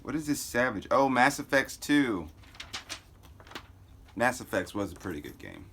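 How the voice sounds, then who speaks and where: A man's voice: medium pitch, sing-song, a little slow, a bit bright, slight background noise. A man reading a comic book aloud for kids, with offhand, joking asides.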